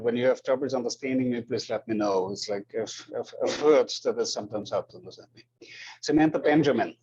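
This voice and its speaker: The recording is a dull lo-fi classroom capture with a little hiss or hum. In a warm, medium-pitched voice, a man with an Austrian German accent answers questions and calls the roll as a university lecturer, hesitantly and apologetically, often repeating words.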